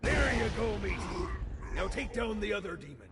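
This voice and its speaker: A man's voice: high-pitched, big pitch swings, normal speed, gravelly, very noisy, exaggerated voice. An actor playing a boastful male pirate captain in a video game, speaking in theatrical pirate talk. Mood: instructive. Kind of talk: video game character dialogue. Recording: game audio over loud music. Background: loud game music.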